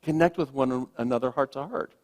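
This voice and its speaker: A man who is a minister, giving a sermon in a gentle, reflective way, letting phrases trail off softly. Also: mid-range voice, a little fast.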